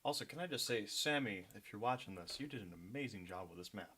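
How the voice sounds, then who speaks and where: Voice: mid-range voice, quick pace. A host opening a tabletop game stream over an online call, talking in a casual, upbeat way. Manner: animated, upbeat. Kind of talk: casual chat.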